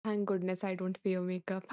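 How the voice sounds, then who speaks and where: A woman hosting a live session, reading viewers' comments in a soft, halting way, close to tears and laughing between words. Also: lowish voice, level tone, clean tone, no echo. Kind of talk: emotional live-stream chat.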